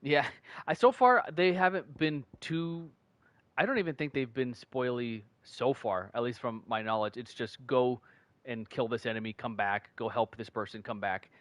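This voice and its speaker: A man's voice: mid-range voice, moderate pace, a bit bright, dry recording. A man casually chatting and rambling as he streams a video game, with many fillers and restarts. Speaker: gaming streamer. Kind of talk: casual let's-play commentary. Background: game music.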